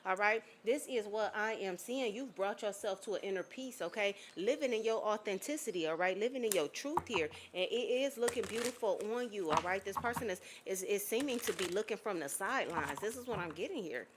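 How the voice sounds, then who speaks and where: A woman's voice: mid-range voice, animated, brisk, hardly any pauses, noisy background. A woman giving a spiritual reading to an unseen viewer, emphatic and blunt, swearing casually and checking in again and again with "okay?". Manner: emphatic, keeps checking in with "okay?" and "all right?". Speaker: psychic reader.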